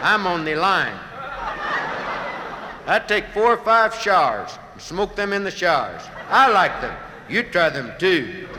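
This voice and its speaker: A comedian voicing a dim athlete pitching cigarettes in a parody commercial, dopey and cheerful. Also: male voice, big pitch swings, unhurried. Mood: dopey boasting. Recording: old live recording, reverberant hall, hiss.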